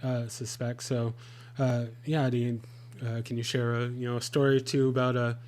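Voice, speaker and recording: A man hosting a casual interview, asking questions haltingly with many fillers. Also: mid-range voice, flat delivery, a little mellow, slight background noise. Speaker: podcast host.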